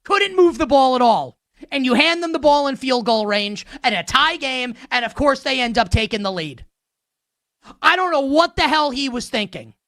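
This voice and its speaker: Sports host, woman, sarcastic rant; bright, sharp-edged voice, lots of swing. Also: sits high, animated, normal speed, no echo, clean studio sound. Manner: sarcastic, ranting. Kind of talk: heated sports commentary.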